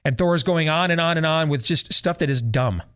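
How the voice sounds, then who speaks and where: A man's voice: on the high side, brisk, a bit bright, clear, resonant tone. A middle-aged man hosting a talk show, ranting sarcastically in a casual monologue and mimicking voices. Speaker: radio talk show host.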